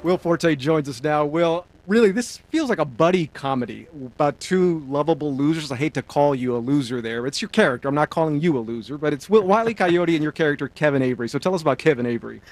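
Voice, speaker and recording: Lively, higher-voiced male TV host. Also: quick pace, hardly any pauses, dry recording. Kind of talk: TV interview with scripted intro.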